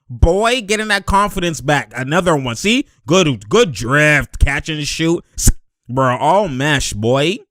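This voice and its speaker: Excitable man reacting to basketball highlights. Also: a little slow, dry recording, clean studio sound. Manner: animated, laughs often, shouts at plays.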